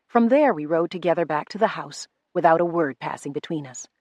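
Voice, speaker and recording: A woman reading a novel aloud in first person, measured and restrained. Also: deep voice, lively intonation, darkish tone, no room sound. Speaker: audiobook narrator. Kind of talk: first-person audiobook narration.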